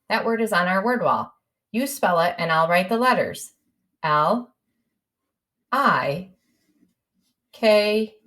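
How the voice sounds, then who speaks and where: A woman's voice: mid-range voice, bright, forceful tone. A woman teacher modelling how to write a story for young children, stretching words into sounds and coaxing them to spell along. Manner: sing-song, stretches out sounds and letters. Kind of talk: early-grade writing lesson.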